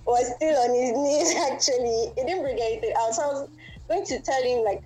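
A woman's voice: on the high side, normal speed, mellow, poor audio. Woman laughing through her story. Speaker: guest. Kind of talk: casual storytelling.

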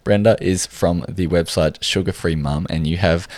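A man's voice: low voice, fairly even intonation, moderate pace, darkish tone, no echo. A man with an Australian accent hosting a podcast interview, upbeat and chatty with some hesitations. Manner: upbeat, hesitant with fillers in chat. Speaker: podcast host.

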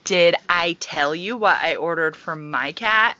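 Profane, animated woman telling stories. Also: fairly low pitch, measured pace, dry recording, highs cut off. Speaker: podcast co-host. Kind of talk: casual chat.

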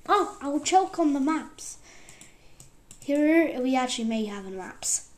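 A woman around twenty rambling excitedly in a casual vlog, jumping between loud outbursts and whispers. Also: high voice, measured pace. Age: about 20. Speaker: vlogger.

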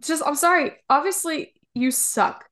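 A woman with a fairly high voice co-hosts a casual TV recap podcast. She rants with heated emphasis, repeats herself for effect and swears freely. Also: a little slow, a bit bright. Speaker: podcast co-host.

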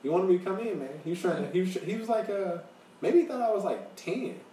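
A man's voice: sits high, quick pace. Chicago guy cursing his way through a story, mic a bit far off, echoey room, faint hiss. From Chicago area. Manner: profane, animated, acts out quoted voices. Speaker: podcast co-host. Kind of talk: casual storytelling chat. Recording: roomy, distant mic, faint noise.

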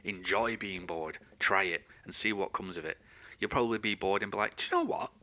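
A man with a low, forceful voice rants without a script, swearing constantly and sounding angry. His delivery is tense and pushy. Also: normal speed. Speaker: podcast host. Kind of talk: unscripted ranting monologue.

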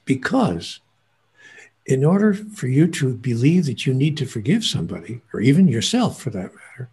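A man playing a spiritual teacher tells a story in a conversational lecturing style, hammering points home through emphatic repetition. His mid-range voice is husky and gravelly yet a little mellow, very animated and fairly quick.

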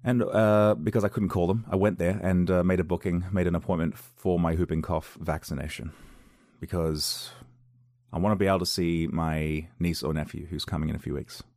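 A man's voice: sits low, steady tone, moderate pace, a little mellow, dry recording, clean studio sound. A young man, hosting a casual solo podcast, telling a self-mocking story and acting out the other people's voices. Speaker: podcast host. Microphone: podcast microphone on a loose cable at home.

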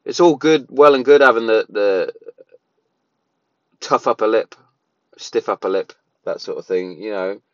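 A father offers his opinions in a casual, rambling monologue packed with restarts and fillers. His voice is fairly low, his pace measured, and he pauses often. The audio is dull, with no echo.

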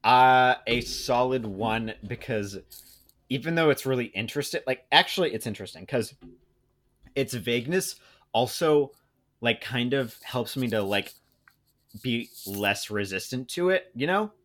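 A man's voice: mid-range voice, expressive, a little slow, fairly bright tone. Young man, podcast co-host, casual chat, rambling, joking, filler-heavy.

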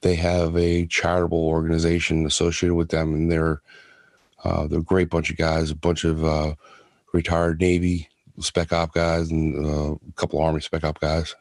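A man in his thirties telling his own hard story, halting and restarting often. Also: a bass voice, monotone, a little mellow, no echo. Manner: halting, with many restarts and fillers. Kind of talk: personal testimony.

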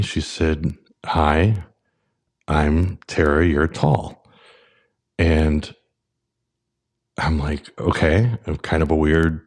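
A man with an extremely low, deep voice tells a long personal story on his podcast. He rambles, circles back and fills pauses with "um" and "uh". He sounds like he is in his forties. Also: darkish tone. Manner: rambling, many fillers and restarts. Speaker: podcast host. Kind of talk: casual storytelling.

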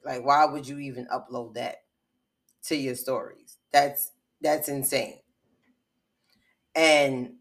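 A woman vlogger giving frustrated, impassioned commentary on a news story, speaking bluntly and swearing. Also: a bass voice.

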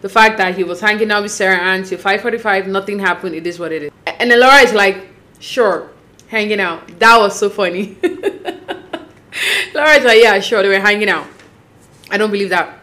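A woman casually recapping a reality show, acting out quotes in a chatty, animated way. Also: medium pitch, brisk. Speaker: recap host.

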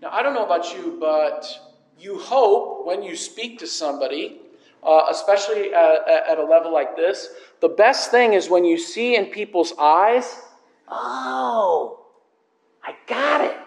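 A man's voice: high voice, normal speed, darkish tone, big-room sound. A man preaching a sermon as pastor, earnest and emphatic, repeating his questions for effect.

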